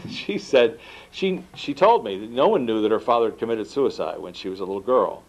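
A man giving a book talk, telling stories in an animated way and acting out the dialogue. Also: fairly low pitch, fairly quick, lo-fi sound. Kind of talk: storytelling lecture. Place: lecture room at an institute.

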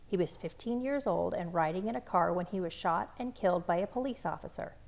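A patient, gentle father explains hard news to his young son in soft, steady words, as a woman reads him aloud. The voice is low with a gravelly edge. It is a quiet storybook reading. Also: a little fast. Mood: gentle sad.

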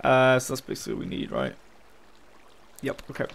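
A man's voice: mid-range voice, huge pitch swings, a little fast, gravelly, fairly bright tone, a little hiss or hum. A young man giving casual, swear-heavy commentary as he plays a Minecraft map and rants about his losses. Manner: casual, swearing, frustrated ranting. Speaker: gaming YouTuber. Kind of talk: Minecraft let's play commentary.

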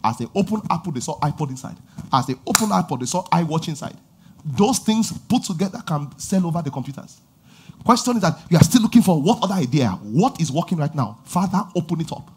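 A middle-aged man preaching a sermon in a church, with animated delivery and sudden loud exhortations. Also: on the high side, fast talker, a little hiss or hum. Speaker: pastor. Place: church auditorium.

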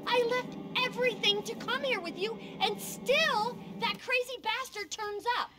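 A woman's voice: extremely high pitch, unhurried. An actress playing an irritated middle-aged wife who snaps and swears at her husband. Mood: angry. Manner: sharp, scornful and swearing. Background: game music.

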